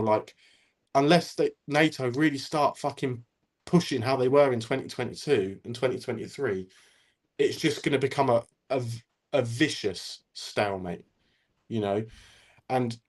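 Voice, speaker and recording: A man ranting casually as a guest on a talk stream, blunt and full of swearing. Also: medium pitch.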